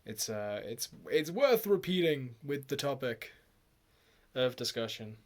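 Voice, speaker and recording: A man's voice: mid-range voice, sing-song, measured pace. A man talking in a rambling, casual vlog, laughing often and swearing freely. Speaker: vlogger.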